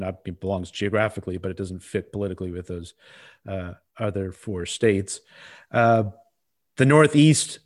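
A man co-hosting a podcast, talking in a loose, conversational way with fillers and asides. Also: fairly low pitch. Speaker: podcast co-host. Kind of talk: casual discussion.

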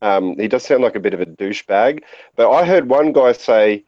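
A man's voice: medium pitch, normal speed, a little mellow, no echo, dull audio. Opinionated man, rambling chat. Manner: opinionated, rambling, frequent fillers. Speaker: podcast co-host. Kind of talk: casual chat.

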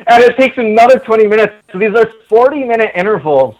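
An animated man recounts a story in a casual, chatty way. He laughs often and slips into the voices of the people he quotes. His voice sits a little higher than most men's. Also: fast, low-quality recording. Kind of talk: casual anecdote telling.

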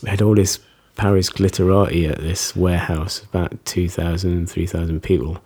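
A man's voice: sits low, little pitch movement, normal speed, mellow, breathy edge. A man, chatting casually and telling rambling stories with frequent laughs. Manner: rambling storyteller, laughs often. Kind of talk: casual conversation.

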